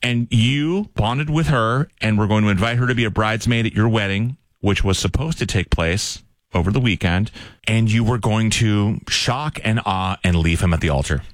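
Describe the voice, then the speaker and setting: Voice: mid-range voice, no echo, low-quality recording. Radio host setting up a caller's story. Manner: reacts with gasps and quick exclamations. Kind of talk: casual radio chat.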